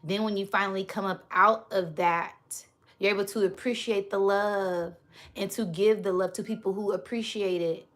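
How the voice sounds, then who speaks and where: A woman's voice: medium pitch, fairly even intonation, normal speed. Woman, spiritual reader, affectionate and preachy, live-stream chat.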